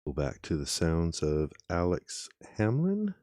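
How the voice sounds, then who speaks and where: A man's voice: low-pitched, measured pace, no room sound, clean studio sound. A man hosting a stream, chatting casually into a microphone and reacting to clips in a rambling way. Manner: relaxed, rambling, with frequent ums and chuckles. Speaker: streamer host. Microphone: desk microphone.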